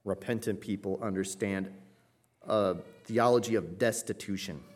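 A pastor preaching an expository sermon, teaching earnestly and pushing hard on key words. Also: male voice, lowish voice, fairly even intonation, moderate pace, darkish tone.

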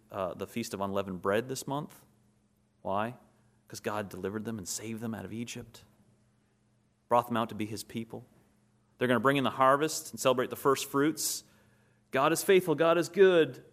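A man preaching a sermon, asking rhetorical questions and building to emphatic peaks. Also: on the low side. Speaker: pastor.

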